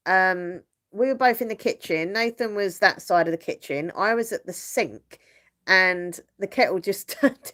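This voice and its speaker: A woman's voice: mid-range voice, lively intonation, moderate pace. A young woman host chatting casually on a live stream from her bedroom at home, rambling and laughing often. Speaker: channel host.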